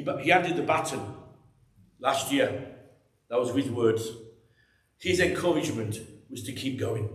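Man preaching in an echoey church. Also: medium pitch. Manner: emphatic, conversational preaching with repeated phrases. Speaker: pastor. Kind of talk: sermon. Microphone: microphone.

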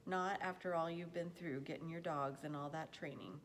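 Woman doing a worried mother; low-pitched, anxious, soft reading. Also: steady tone, moderate pace, big-room sound, slight background noise. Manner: pleading, softly anxious. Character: worried country mother, gentle and fretful.

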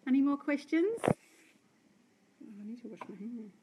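An Australian woman, a sales director, chatting and rambling warmly to her team on a live stream. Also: high-pitched, lively intonation, normal speed, muffled recording, noisy background. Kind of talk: live-stream talk to viewers.

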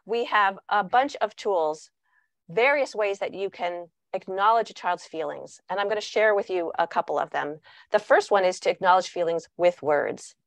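A woman's voice: mid-range voice, dry recording. A middle-aged woman giving a talk to parents, acting out what children and parents say. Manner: animated, acts out children's and parents' lines. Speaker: parenting author and speaker. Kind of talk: talk to parents with acted-out examples.

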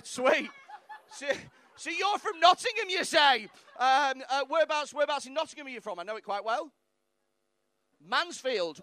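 Brash high-voiced male comic. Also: bright, forceful tone. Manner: brash, swearing, mocking hecklers. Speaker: stand-up comedian. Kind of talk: stand-up comedy crowd work. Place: comedy club stage.

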